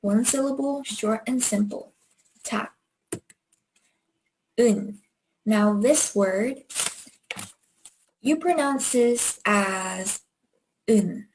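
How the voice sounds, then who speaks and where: A woman's voice: a little high, slow pace, long pauses, a little mellow, slight background noise, rough recording. A young woman teaching an online language lesson, patient and encouraging, sounding out words one syllable at a time.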